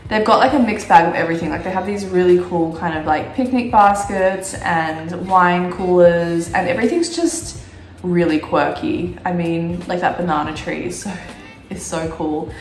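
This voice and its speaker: A woman from Australia vlogging in a relaxed, chatty way, with plenty of fillers. Her voice is croaky from a cold and sits fairly low. The room around her echoes, and soft music plays underneath. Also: normal speed. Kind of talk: casual chat.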